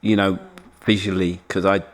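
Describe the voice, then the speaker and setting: A middle-aged man with a London accent, a podcast guest telling animated stories and laughing as he goes. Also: low voice, normal speed. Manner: animated, laughing, swings into voices. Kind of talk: casual storytelling chat.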